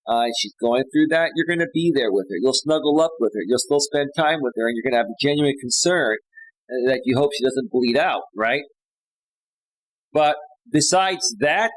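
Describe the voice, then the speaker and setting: A man's voice: mid-range voice, dry recording, poor audio. A man hosting a livestream as a life coach, reading out posts and giving blunt, opinionated advice with many fillers and tag questions.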